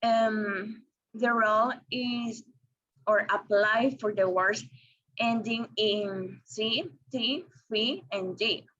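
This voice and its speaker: Slow, careful woman presenting a lesson. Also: fairly high pitch, fairly even intonation, fairly bright tone, lo-fi sound. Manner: slow and careful, with frequent ums and restarts. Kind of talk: reading a class presentation.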